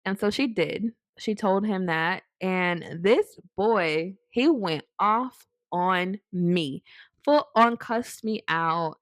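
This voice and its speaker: A woman's voice: mid-range voice, slow pace, no room sound, clean studio sound. A young woman casually telling a long personal story to her viewers, rambling with lots of fillers and restarts and acting out what people said. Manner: rambling, filler-heavy, animated quoted asides. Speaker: storytime vlogger.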